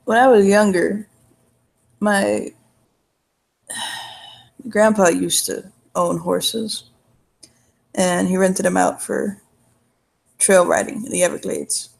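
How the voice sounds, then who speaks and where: A woman's voice: mid-range voice, fairly even intonation, slow pace, vocal fry, pauses often. A woman playing her character in a tabletop role-play game, telling a long, folksy, rambling story in character.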